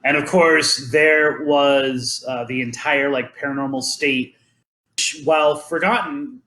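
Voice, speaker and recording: A man's voice: fairly high pitch, fairly even intonation, slow, sharp tone. A man hosting a podcast, chatting casually and rambling through legends with many ums and restarts. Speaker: podcast host. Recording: roomy echo.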